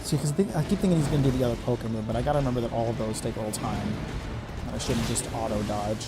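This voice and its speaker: A man's voice: mid-range voice, rapid-fire. A man streaming a hard game, commenting on his play in frustration, swearing and talking to himself. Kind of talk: live gameplay commentary. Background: game music.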